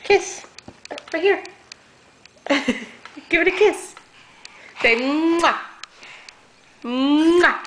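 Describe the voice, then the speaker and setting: A woman using slow, sing-song baby talk as she coaxes a toddler at home, recorded on a home video camera. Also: very high-pitched, lively intonation, fairly bright tone, a little hiss or hum. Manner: sing-song, coaxing, playful. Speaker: caregiver playing with a toddler.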